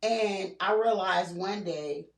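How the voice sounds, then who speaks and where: An older woman, appearing as a guest, shares her personal story in a candid podcast conversation, earnest and repetitive, peppered with "you know" and "like". Her voice is mid-range and slow. The mic is distant and the sound roomy.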